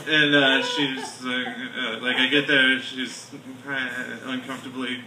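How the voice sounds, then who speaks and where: A man doing stand-up comedy at a bar venue, telling a rambling story with halting delivery and many fillers. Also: medium pitch, fairly even intonation, very noisy. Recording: echoey room, mic from far off.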